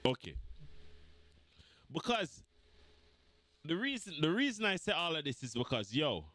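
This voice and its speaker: A man's voice: fairly high pitch, big pitch swings, a little slow, sharp tone, dry recording. A man giving a heated football fan rant, mocking and repeating his points for emphasis.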